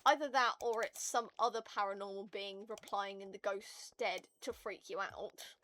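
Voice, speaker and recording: A woman streaming to her viewers in casual chat, ranting in an animated and profane way. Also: mid-range voice, normal speed, slight background noise.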